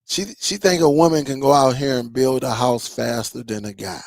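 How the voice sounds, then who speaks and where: Male streamer, casual rambling chat, laughs a lot, gravelly fry, dry close sound. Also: medium pitch, fairly even intonation, normal speed, no echo. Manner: loose, rambling, laughs often, addresses viewers directly. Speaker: streaming tech channel host. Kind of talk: casual livestream chat with viewers.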